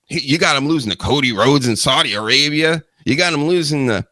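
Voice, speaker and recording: A man's voice: medium pitch, expressive, fairly quick, bright, forceful tone, no room sound. A man hosting a live wrestling news show, talking in a rambling, joking way with self-mocking asides. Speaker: host.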